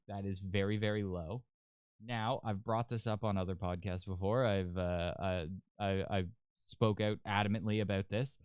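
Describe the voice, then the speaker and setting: Male podcast host, crude sarcastic political ranter, smooth voice, dry close mic. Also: lowish voice, dry recording. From Canada. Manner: loud, crude and sarcastic, with frequent restarts. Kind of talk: ranting political commentary.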